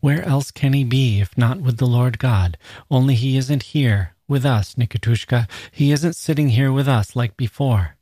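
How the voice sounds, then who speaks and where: Man reading a grieving peasant mother, dry close sound, mellow voice. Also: medium pitch, normal speed, no echo, lightly acted. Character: grieving peasant mother, middle-aged woman.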